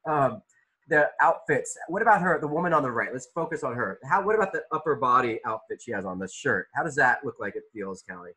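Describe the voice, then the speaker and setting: A man's voice: mid-range voice, animated, fairly quick, bright, forceful tone, husky, poor audio. Man teaching an art class over video call. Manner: conversational, questioning students by name, many restarts. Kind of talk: online class discussion.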